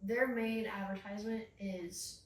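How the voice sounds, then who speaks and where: A woman's voice: medium pitch, steady tone, measured pace. A woman on staff at a tour business, earnestly explaining in casual chat. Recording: roomy, distant mic, faint noise.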